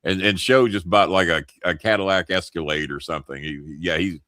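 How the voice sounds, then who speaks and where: A man hosting a show, telling a long story in a profane, animated way. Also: deep voice, a little fast, dry recording, clean studio sound. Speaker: show host. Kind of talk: casual storytelling.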